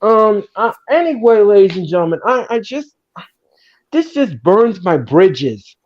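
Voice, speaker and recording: A man's voice: high voice, very animated, unhurried. Guy ranting on a wrestling podcast, voice all over the place, kinda muffled sound. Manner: ranting, repetitive and emphatic. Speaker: podcast host. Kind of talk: casual wrestling chat.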